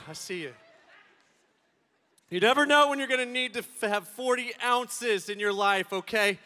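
A man giving a comedic keynote to students, playful and animated, swinging between loud and soft. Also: very high-pitched, normal speed, pauses often. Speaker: speaker addressing students. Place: large event hall. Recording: long hall reverb.

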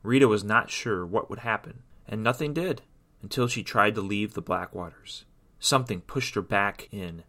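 A man reading a children's story aloud in an expressive, sing-song storytelling way. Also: fairly low pitch, normal speed.

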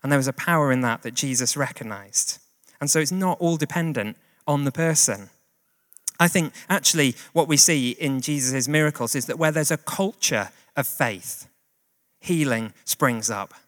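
A man's voice: medium pitch, moderate pace, a bit bright. A man preaching a sermon in a conversational, plain-spoken way with casual asides. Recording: long hall reverb.

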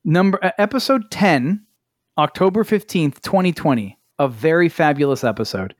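Casual chat and storytelling come from a male podcast co-host whose slightly high voice is expressive and normally paced. The studio-quality audio has no room sound, and he acts out quotes while swearing casually.

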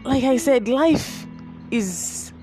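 A woman's voice: high voice, lively intonation, extremely slow, warm tone, faint music behind. A young woman tells a personal story, emotional, repeating her phrases and laughing between sentences.

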